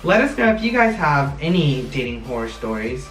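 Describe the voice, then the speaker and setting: A young man in a casual storytime vlog, animated and acting out quotes. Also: on the high side, normal speed, soft background music. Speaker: vlog co-host. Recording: roomy sound from a distance.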